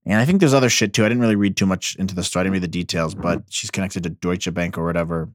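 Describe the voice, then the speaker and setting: A man's voice: sits low, racing, no room sound. A man hosting a casual solo podcast, ranting about the news with heavy profanity and rambling restarts. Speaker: podcast host.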